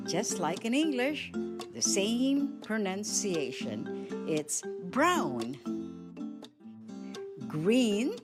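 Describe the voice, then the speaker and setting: A woman teaching a radio language lesson, saying each word slowly and clearly and then repeating it. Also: lowish voice, sing-song, soft background music.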